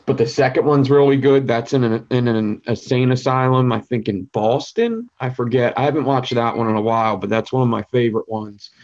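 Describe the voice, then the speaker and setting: A man's voice: mid-range voice, a little fast, hardly any pauses, darkish tone. A young man with a Philadelphia accent chatting casually and easily about shows. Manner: easygoing, chatty recommending. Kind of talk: casual chat. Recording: dull lo-fi recording.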